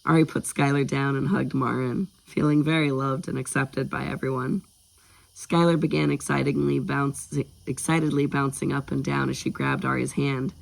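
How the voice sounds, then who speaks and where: Gravelly man reading a storybook. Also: mid-range voice, normal speed. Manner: animated, chatty asides. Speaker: audiobook narrator. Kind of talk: storybook reading with casual asides.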